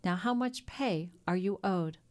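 A woman voicing a kindly, ruined older male shipowner who speaks in a gentle, melancholy way in a storybook reading. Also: on the low side, measured pace, lightly acted. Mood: sad.

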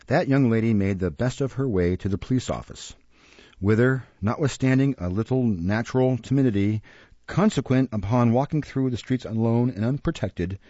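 A man reading a classic novel aloud in a measured, expressive storybook narration, recorded close and dry in a dull lo-fi recording. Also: fairly low pitch, dry recording. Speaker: audiobook narrator.

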